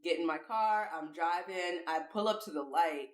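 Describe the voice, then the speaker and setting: A woman co-hosting a podcast, telling a story in casual, profane, animated chat. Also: fairly low pitch, moderate pace. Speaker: podcast co-host. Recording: echoey room.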